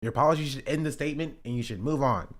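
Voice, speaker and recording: Rapid-fire and mid-range, this North Carolina man's voice runs through casual reaction commentary on a stream. He jokes around and talks back to his chat as he watches clips.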